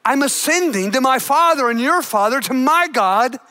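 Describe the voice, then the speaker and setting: A male preacher with a very high, bright voice delivers a sermon with theatrical energy. He swings from shouted exclamations to hushed, earnest appeals, and throws in playful jokes along the way. His tone stays sharp and ringing throughout. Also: animated, moderate pace. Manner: dramatic storytelling with shouted emphasis and playful asides. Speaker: pastor.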